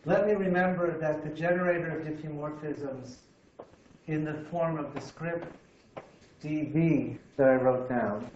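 A physics lecturer gives a university lecture in a lecture room, his somewhat high voice halting as he repeats words and thinks aloud. The room is echoey and the sound slightly dull, with a little hiss or hum.

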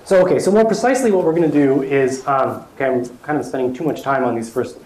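A man's voice: medium pitch, quick pace, darkish tone. A young man giving an academic lecture with slides, talking with many fillers and restarts.

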